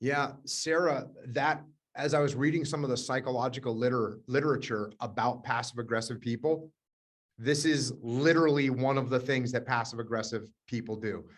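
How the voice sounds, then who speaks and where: A man's voice: medium pitch, normal speed. A man hosting a live leadership coaching session, telling stories in a direct, emphatic way and repeating key words.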